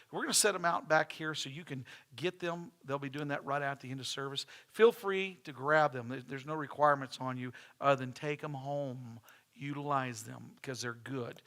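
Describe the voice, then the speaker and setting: A man's voice: fairly high pitch, sharp tone. A middle-aged man preaching a sermon in a church, folksy and conversational, with restarts and asides to the congregation. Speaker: pastor. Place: church sanctuary.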